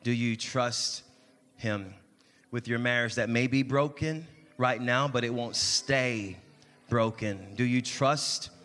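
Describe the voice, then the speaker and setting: Man, pastor, sermon, call-and-response, bright tone, long church reverb. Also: medium pitch. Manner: preaching with call-and-response and rising intensity.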